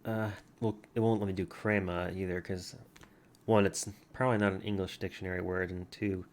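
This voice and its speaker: A man's voice: low-pitched, level tone, fairly quick, slight background noise. A man vlogging casually at home with a soothing, easygoing voice, chatting while playing a word game and talking to his cat. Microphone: computer mic from farther back than usual.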